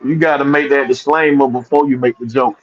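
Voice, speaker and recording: A man's voice: medium pitch, fairly even intonation, fairly quick, dry recording, lo-fi sound. A man teasing his co-host in casual sports chat. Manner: teasing and laughing.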